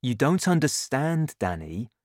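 A reader voicing a patient, gentle father in a slow, measured audiobook reading. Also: mid-range voice, sing-song, no room sound, clean studio sound. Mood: calm, earnest. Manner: slow, measured storytelling delivery.

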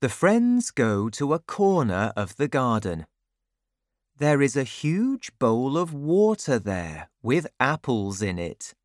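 A woman reading a children's storybook aloud in a slow, clear, carefully paced narration. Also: extremely low pitch, big pitch swings, darkish tone, no room sound, studio quality.

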